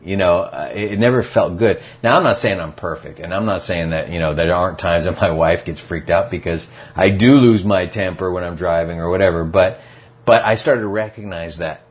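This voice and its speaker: A man with a very low, deep voice tells stories in an easy, casual way. He acts out the quotes with feeling, and he talks like a guest on a relaxed podcast. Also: a little fast. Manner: animated storyteller acting out quotes. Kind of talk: casual recovery talk.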